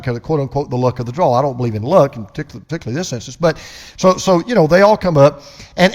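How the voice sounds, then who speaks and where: A man preaching a sermon as pastor, impassioned, swinging from loud proclamation to hushed storytelling. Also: on the high side.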